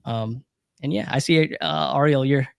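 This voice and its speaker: A man's voice: medium pitch, unhurried, vocal fry, smooth, no room sound, clean studio sound. Earnest man coaching on a livestream. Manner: earnest, reflective, emphatic repetition. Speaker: recovery coach, livestream co-host. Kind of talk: casual livestream Q&A talk.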